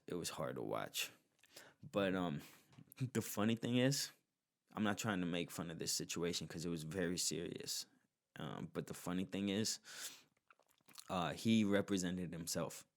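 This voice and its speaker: A young adult man hosting a podcast, telling a personal story in a casual, animated way with incredulous asides. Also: sits low. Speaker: podcast host.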